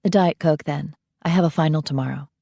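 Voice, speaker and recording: A woman reads as a feisty, sarcastic young woman, pitched a little above the narration. She sounds brisk and defiant in this dry, close audiobook reading. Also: vocal fry, dark tone, husky, no echo, heavily acted.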